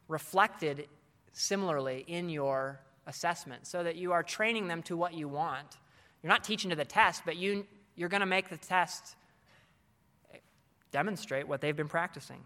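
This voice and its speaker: A man with a fairly high, bright, ringing voice gives advice to a room of teachers. He talks earnestly, like a coach, and stumbles into ums and restarts as he goes. His voice carries a long reverb from a large hall. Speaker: teacher speaking to fellow educators. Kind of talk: conference talk.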